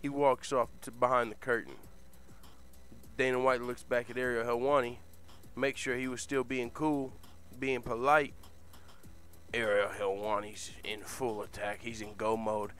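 A man's voice: medium pitch, unhurried. A man hosting an online show, telling a comic made-up fight story full of swearing and laughter. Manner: profane, laughing, animated. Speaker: host.

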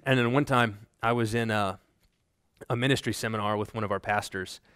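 A Texan man teaches a seminary class, a classroom lecture full of personal anecdotes told conversationally, with many ums and restarts, building up to emphatic lists. His voice is lowish, smooth and a bit bright, with a steady tone and a brisk pace. The studio-quality recording has no echo.

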